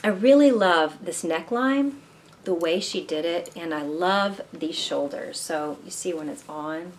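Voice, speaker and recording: A woman's voice: on the low side, a little slow, slight background noise. A woman hosting a knitting video podcast at home, chatting and rambling casually to camera and asking her viewers questions. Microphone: camera mic, moving handheld camera.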